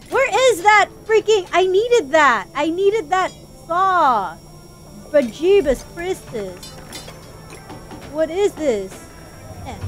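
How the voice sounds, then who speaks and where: A young woman giving frantic, exclaiming gameplay commentary, panicking and giggling as she plays. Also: high-pitched. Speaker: let's play gamer.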